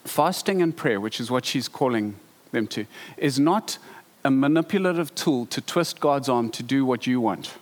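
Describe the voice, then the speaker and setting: A man preaching a sermon, emphatic and animated, with rhetorical questions to the congregation. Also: mid-range voice, normal speed, big-room sound. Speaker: pastor.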